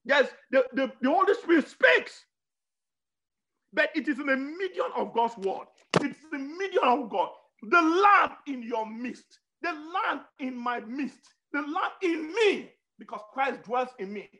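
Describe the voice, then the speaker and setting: Unhurried yet very animated, a preacher delivers his sermon with emphatic repetition of words and phrases and sudden swings in pitch and volume.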